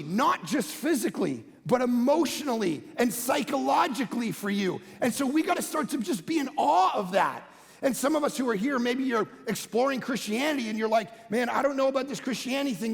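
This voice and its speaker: A man, a pastor, preaching a conversational sermon that swings between loud emphatic bursts and quiet low asides. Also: gravelly. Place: church auditorium. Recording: long hall reverb.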